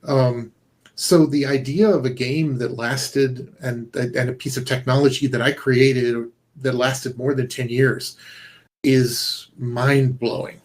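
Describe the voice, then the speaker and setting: A man's voice: mid-range voice, fairly even intonation, slow. A middle-aged man, a game developer guest, talking earnestly and rambling, with many fillers and restarts, over a video call. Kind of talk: casual conversation.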